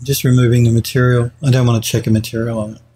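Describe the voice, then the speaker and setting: A man's voice: mid-range voice, level tone, racing, dark tone, slight background noise. A man streaming a live 3D modelling tutorial, thinking aloud as he works, hesitating and correcting himself while he answers chat.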